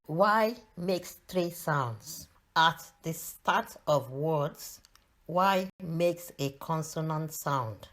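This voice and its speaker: A woman's voice: low-pitched, lively intonation, extremely slow. A British woman narrating a beginners' reading lesson, carefully sounding out letters and words. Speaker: reading teacher. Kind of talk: slow scripted lesson narration.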